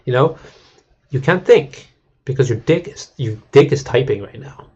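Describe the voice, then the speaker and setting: Male streamer, husky and a bit raspy, crude rambling chat on a dull lo-fi mic. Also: medium pitch, animated, normal speed, a little mellow. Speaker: game streamer. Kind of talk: casual rant to stream chat.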